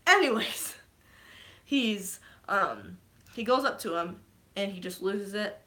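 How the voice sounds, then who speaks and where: A woman casually recapping a movie's plot in a vlog, excitable, swearing freely and geeking out. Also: medium pitch, slow. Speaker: vlogger.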